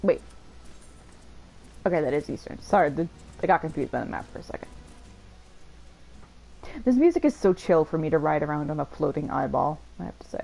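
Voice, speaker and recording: A woman's voice: low-pitched, animated, fairly quick, creaky, long pauses, mellow, low-quality recording. A woman giving casual let's-play commentary, chatty, swearing casually and laughing often. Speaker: game streamer. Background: faint game music.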